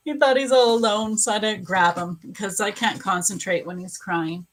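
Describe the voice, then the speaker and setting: A woman psychic medium giving a live reading at home, gently sympathetic, halting with pauses and fillers. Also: mid-range voice. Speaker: spiritual coach and psychic medium. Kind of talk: live psychic reading answering viewers' questions.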